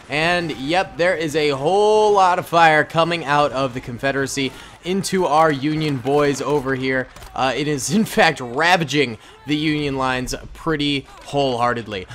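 A young man giving lively video game commentary, excitable, with loud exclamations and laughs. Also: on the high side. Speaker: gaming YouTuber.

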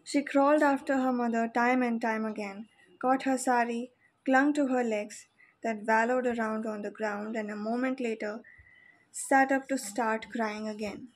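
A woman reading a short story aloud as a narrator, in an even, measured way. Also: on the high side, rough recording.

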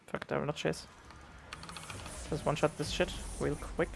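A man's voice: fairly high pitch, little pitch movement, normal speed, vocal fry, a little hiss or hum. A man, an English speaker, giving casual gameplay commentary as a streamer, with gamer slang. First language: German.

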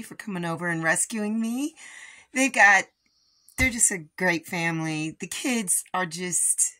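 A middle-aged woman with a hoarse voice, chatting casually and rambling with lots of fillers as she shows off her homestead. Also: medium pitch, pushed and bright. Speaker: homestead vlogger. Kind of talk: casual chat.

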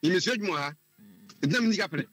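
Husky-voiced man telling his story. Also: sits high, expressive, fairly bright tone. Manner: halting, repeats words while searching for them. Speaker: caller. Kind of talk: telling a personal story on a call-in show.

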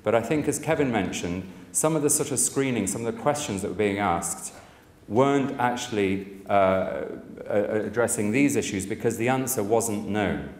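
Brief: man, conference speaker, low voice, storyteller turned reflective, echoey hall. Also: normal speed. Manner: storytelling, then reflective with frequent fillers. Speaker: conference speaker from a cancer support service. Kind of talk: conference talk with a humorous story.

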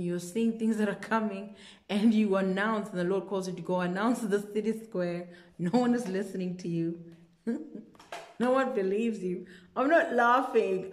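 A woman sharing a dream in a casual, earnest testimony, rambling at times with restarts and growing animated. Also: mid-range voice. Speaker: dream-sharing ministry host. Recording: roomy echo.

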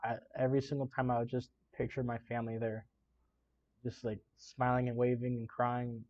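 A man's voice: medium pitch, flat delivery, normal speed, dull audio. A man casually chatting in a reaction vlog, emotional and full of fillers. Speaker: YouTuber reacting to a Navy boot camp video.

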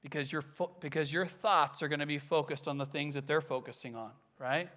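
A man preaching a sermon as pastor, animated and acting out quoted voices. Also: on the high side, fairly quick.

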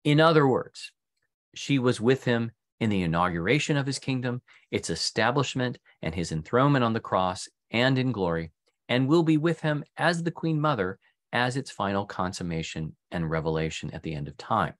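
A man speaking as a Franciscan priest in a recorded retreat talk. His delivery has an earnest preaching rhythm and builds long strings of phrases. He pauses often and fills the gaps with "uh". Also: mid-range voice, big pitch swings. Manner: pauses with frequent "uh" fillers.

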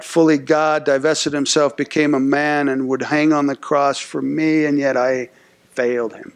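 Gravelly-voiced male pastor preaching. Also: mid-range voice, flat delivery, measured pace. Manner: conversational, acts out voices of people and God, repeats words. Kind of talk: sermon.

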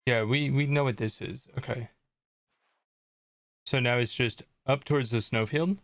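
A man's voice: medium pitch, steady tone, unhurried, no echo, clean studio sound. A young man casually commenting on his gameplay as a streamer, chatting and joking with viewers. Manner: chatty, jokey, reads chat aloud.

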